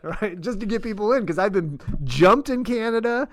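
An American man co-hosting a podcast, telling stories in a casual, laughing, animated way. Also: sits high, moderate pace. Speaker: podcast co-host. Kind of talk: casual chat, storytelling.

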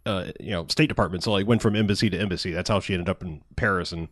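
A man's voice: low voice, very fast, crowd noise. A man co-hosting a podcast in casual chat, rambling with many fillers, laughing and swearing now and then. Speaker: podcast co-host.

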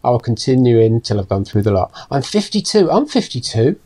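A man's voice: medium pitch, big pitch swings, fairly quick, mellow, breathy edge. A man co-hosting a podcast in easygoing casual chat, reading listener emails aloud. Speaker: podcast co-host.

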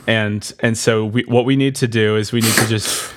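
A man telling an improvised comedy story on a podcast. He talks in a rambling, excitable way. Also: medium pitch, normal speed. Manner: rambling, excitable, many restarts.

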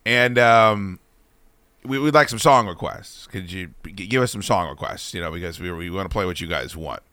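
A male talk-show host rants to his crew in a forceful, bright voice, swearing his way through an animated tirade. The sound is dry and close, with no room in it. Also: deep voice, moderate pace, clear, resonant tone, no echo. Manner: profane, animated venting. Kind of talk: casual chat and ranting.

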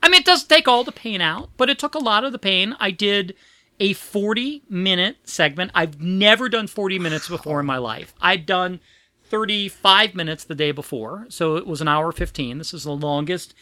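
Bright-voiced woman telling a rambling story. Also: lowish voice, expressive, normal speed. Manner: rambling, chatty storytelling with frequent laughs. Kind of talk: casual chat.

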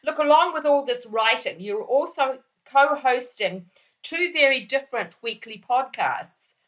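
A woman conducting an interview, posing her questions at an even, measured pace. She laughs easily along with her guest's stories. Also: high voice, rough recording.

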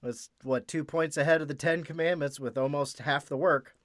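A man's voice: a little high, fairly even intonation, moderate pace, a bit bright, no echo, clean studio sound. A man hosting a casual podcast, prompting his guest with short replies and reading a passage aloud.

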